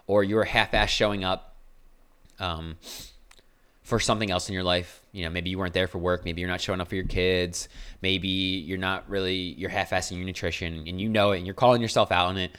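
A man's voice: sits low, brisk, a bit bright, clean tone. A young man hosting a podcast, talking blunt and earnest in a casual motivational monologue. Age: young adult. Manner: blunt and earnest, self-described aggressive tone. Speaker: podcast host.

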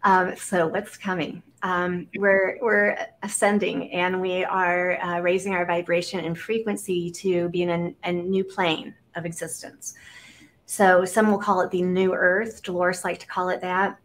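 A woman from Iowa, a guest on an interview show, talking casually with many fillers and animated storytelling. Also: on the low side, a little slow, a little hiss or hum. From Iowa, United States.

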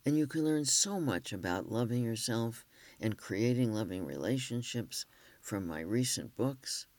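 A man, a relationship counselor and author, reading self-help narration in a gentle, measured way. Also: medium pitch, animated, no echo.

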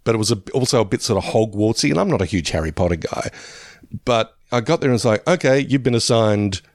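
A man co-hosting a casual podcast, an animated storyteller who laughs at his own anecdotes. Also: on the low side, quick pace, creaky, dry recording, clean studio sound. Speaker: podcast co-host. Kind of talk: casual chat.

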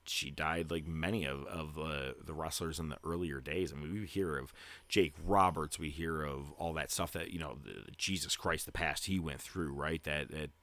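A man's voice: very deep voice, normal speed, dry recording. A man hosting a podcast, chatting casually and rambling through a story with lots of fillers. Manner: grows loud and hyped toward a segment tease. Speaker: podcast host. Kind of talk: casual chat.

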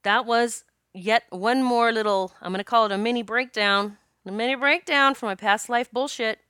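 A woman's voice: fairly high pitch, normal speed, bright, forceful tone, smooth, no room sound, clean studio sound. A woman telling a personal story in a candid, casual way, laughing often and swearing freely.

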